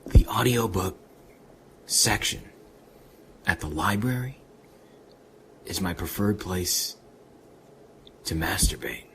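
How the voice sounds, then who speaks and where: A man doing a deadpan, half-whispered celebrity impression. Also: deep voice, slow pace, pauses often, background noise, pitched below the performer's own voice, exaggerated voice. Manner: breathy, half-whispered, drawling.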